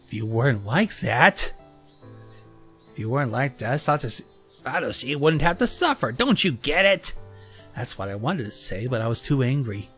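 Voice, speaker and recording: Bright-voiced man reading a game aloud. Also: medium pitch, very animated, normal speed, faint music behind. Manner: casual, profane, reacts mid-read. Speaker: let's play host reading a visual novel.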